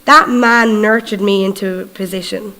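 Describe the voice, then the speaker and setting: An Irish woman preaching at a mid-range pitch, telling stories with lively energy. She acts out the dialogue in quoted voices and keeps checking in with her audience in a chatty, conversational way. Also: normal speed, rough recording. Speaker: guest preacher. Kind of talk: storytelling sermon.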